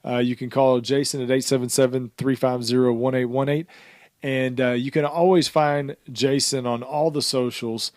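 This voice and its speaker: Male co-host, mid-pitched, loose rambling delivery, dry close mic. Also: fairly even intonation, normal speed, darkish tone, dry recording. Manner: rambling, laughs often, lots of "uh" fillers. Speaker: podcast co-host. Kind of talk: casual podcast chat.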